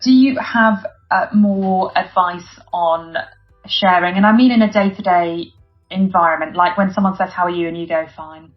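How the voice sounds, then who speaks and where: A woman's voice: fairly low pitch, moderate pace. A chatty woman from Britain hosts a podcast, laughing easily and filling her speech with likes and you-knows. The recording is a little muffled and lo-fi, with faint music behind it. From United Kingdom. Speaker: podcast host. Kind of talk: conversational interview. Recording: dull lo-fi audio.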